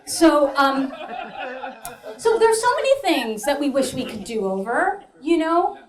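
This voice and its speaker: Lively high-voiced comic woman storyteller. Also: measured pace. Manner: animated, laughing, with dry asides. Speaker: comedian and storyteller. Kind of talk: solo comedy storytelling show.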